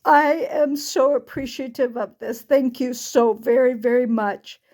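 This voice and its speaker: A woman's voice: sits high, steady tone, unhurried, a little mellow, reverberant, far from the mic. A woman vlogging casually about quilting, gushing and choked up with tears as she thanks a company. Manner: gushing, emotional, exclaims and gasps often. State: choked up, tearful. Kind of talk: casual unboxing vlog.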